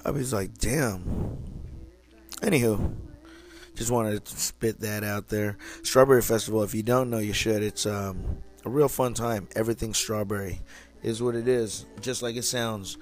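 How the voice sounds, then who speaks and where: A man's voice: fairly low pitch, measured pace. A young man from California hosting a casual solo podcast, talking in a laid-back, slangy and profane way. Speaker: podcast host.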